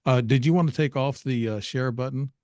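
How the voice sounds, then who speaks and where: A man hosting a casual interview on a video call, asking quick follow-up questions. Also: mid-range voice, a little mellow, no room sound, studio quality. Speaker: host.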